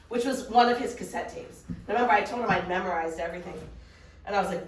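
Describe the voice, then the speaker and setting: A middle-aged woman, a mindset coach, telling a story in a lively, fast way to a live workshop audience. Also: mid-range voice, slight background noise. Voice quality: animated, fast storytelling with laughs. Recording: echoey room, voice from far off.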